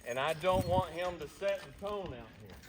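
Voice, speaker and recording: A man working as a horse trainer, calmly and patiently explaining while he works a horse outdoors. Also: fairly high pitch, moderate pace. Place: outdoor round pen with horses. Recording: distant voice with outdoor noise.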